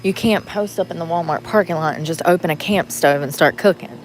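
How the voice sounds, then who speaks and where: A woman's voice: fairly low pitch, fairly quick, slight background noise. A woman, vlogging casually from inside a store, talking bluntly to her viewers and muttering to herself as she shops. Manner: blunt, rambling, muttering to herself while shopping.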